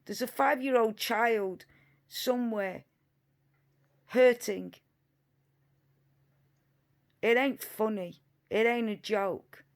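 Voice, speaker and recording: A woman giving reaction commentary on video clips, emphatic and indignant, repeating her points, sometimes sarcastic. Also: mid-range voice.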